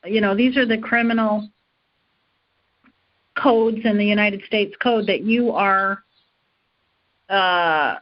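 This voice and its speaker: A woman's voice: medium pitch, takes it slowly, pauses often. A woman hosting a study group call, speaking hesitantly with many fillers. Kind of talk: casual discussion on a conference call. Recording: dull lo-fi call audio.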